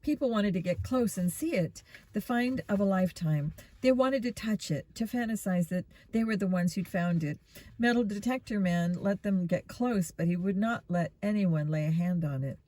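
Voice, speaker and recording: A woman reading a children's mystery book aloud in a steady storytelling manner. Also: medium pitch, moderate pace. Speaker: reader.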